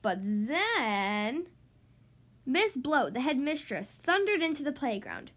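A woman reads a children's storybook aloud, her high voice swooping through a lively, sing-song melody. She tells the tale with playful, animated emphasis. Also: a little slow.

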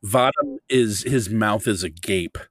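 A man's voice: lowish voice, unhurried, no room sound, clean studio sound. A man playing in a tabletop game, joking and narrating his character's reactions. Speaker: player. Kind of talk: tabletop role-play chat.

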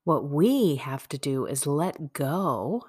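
A woman's voice: low voice, animated, takes it slowly, darkish tone, husky. A woman hosting a podcast with a stuffy nose and a phlegmy voice, chatting in a rambling, self-deprecating way about prayer practice. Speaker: podcast host. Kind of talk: casual spiritual talk. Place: home room.

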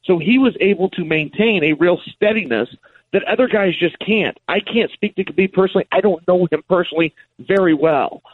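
A man giving rapid, emphatic sports analysis as a guest on a radio show, calling in by phone and repeating words as he restarts. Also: high-pitched, slightly rough, no room sound. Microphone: phone call. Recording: tinny phone line.

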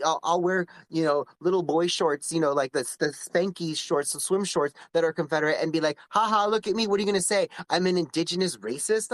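A man's voice: on the high side, no echo. A man speaking as an interview guest, emphatic and repetitive, often restarting his sentences. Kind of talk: conversational interview.

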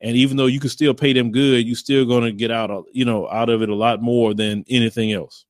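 Male host, casual commentary. Mid pitch, blunt and rambling, with repeated phrases. Dry, close sound. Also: level tone, fairly quick, no room sound.

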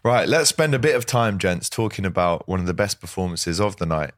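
A young man hosts a casual football chat, chatty and quick with his asides. His voice sits very low. The sound is dry and close, with no room in it. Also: dry recording. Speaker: host.

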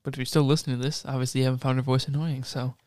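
A man's voice: medium pitch, little pitch movement, rapid-fire, a little mellow, dry recording, clean studio sound. A young man hosting a podcast in casual chat, easygoing and joking as he asks questions. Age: young adult. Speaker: podcast host. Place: podcast studio.

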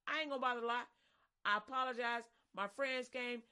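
A woman's voice: on the high side, steady tone, fairly quick, pushed and bright, clean tone. A woman voicing a young boy caught skipping chores, muttering frantically to himself and then pleading with his mother.

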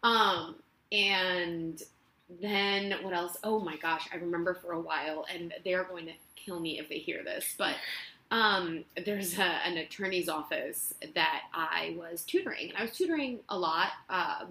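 A woman, an actress, tells stories on herself in a loose, chatty interview. Her voice is bright and forward, and she fills gaps with plenty of ums and likes. The sound carries the echo of the living room of her own apartment. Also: on the low side, a little slow. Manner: chatty, self-mocking, many fillers. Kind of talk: casual storytelling interview.

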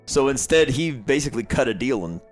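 A man's voice: medium pitch, a little fast. Young guy running a tabletop game, easygoing, lots of ums, faint music behind. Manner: relaxed, filler-heavy storytelling. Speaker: game master.

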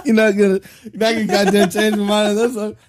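Higher-voiced, wildly animated man. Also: moderate pace, crowd noise. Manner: joking, laughs often, swears freely. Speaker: podcast co-host. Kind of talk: casual chat.

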